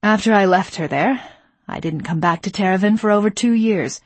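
A woman voicing a steely young woman who talks quietly and close to breaking. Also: medium pitch, brisk, dry recording, lightly acted. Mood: sorrowful. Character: steely young woman confessing her past.

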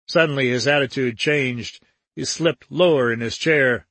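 A man reading a novel aloud as an audiobook narrator, steady and even. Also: medium pitch, normal speed, dry recording.

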